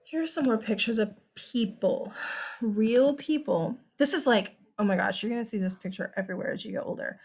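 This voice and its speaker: A young woman with a Texan accent, teaching a recorded history lesson in a chatty, animated, exclamatory way. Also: a little high, brisk, breathy edge.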